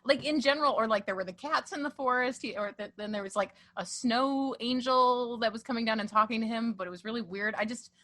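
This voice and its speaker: A woman's voice: on the high side, brisk, hardly any pauses, a bit bright. A woman guest on a podcast in casual chat, blunt and dramatic with self-mocking humor.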